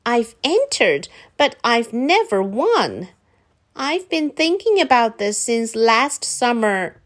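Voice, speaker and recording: A woman voicing a small, cheerful boy in a storybook read-aloud, bright and eager. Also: on the high side, very animated, slow pace, pitched above the performer's own voice, exaggerated voice.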